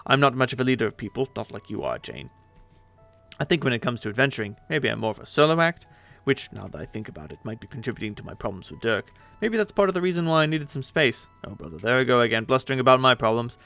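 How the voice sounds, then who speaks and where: A man's voice: mid-range voice, sing-song, fast talker, vocal fry, a bit bright, soft background music, voice pushed down. A man voicing a clueless young male adventurer who rambles in a folksy, self-absorbed way, in a webcomic read aloud with voices. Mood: apologetic.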